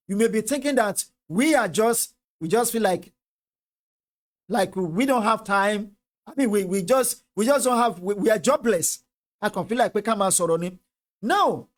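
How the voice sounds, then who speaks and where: A Nigerian speaker with a Yoruba-tinged accent giving impassioned political commentary, fervent and repetitive. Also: mid-range voice. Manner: fervent, repetitive, switches between English and Yoruba.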